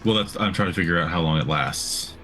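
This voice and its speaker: A man with a very low voice chatting casually as a player at a tabletop game. He thinks aloud as he works through the rules. Soft music sits in the background. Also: fast talker.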